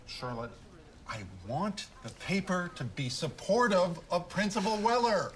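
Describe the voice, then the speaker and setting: An actor playing a stern, dismissive teacher who advises the school paper. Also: male voice, high-pitched, unhurried.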